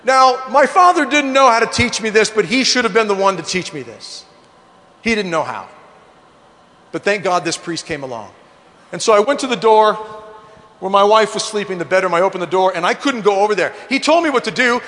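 Middle-aged male speaker, earnest sermon-style storyteller, high voice, reverberant hall. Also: fairly quick, pushed and bright. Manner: earnest storytelling, addresses the men directly. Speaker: speaker at a men's conference.

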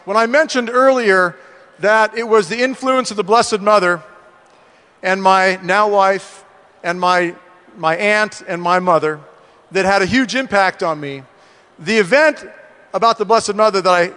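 Middle-aged male speaker, earnest sermon-style storyteller, high voice, reverberant hall. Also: normal speed, bright, forceful tone, clear, resonant tone. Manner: earnest storytelling, addresses the men directly. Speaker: speaker at a men's conference.

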